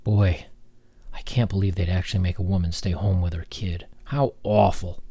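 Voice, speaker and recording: A man hosting a commentary video, reading an article aloud and mocking it sarcastically, with halting fillers. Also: on the low side, mellow, no echo. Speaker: commentary channel host.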